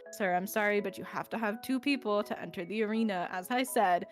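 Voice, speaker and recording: A woman voicing a weary female arena clerk who speaks in a tired, flatly polite way. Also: medium pitch, a little fast, soft background music, lightly acted.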